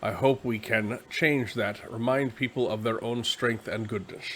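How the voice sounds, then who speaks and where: A man voicing a wise male knight in a rough put-on Scottish accent, reading slowly and earnestly. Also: mid-range voice, fairly even intonation, a bit bright, slight background noise, lightly acted. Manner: slow, earnest, rough imitation.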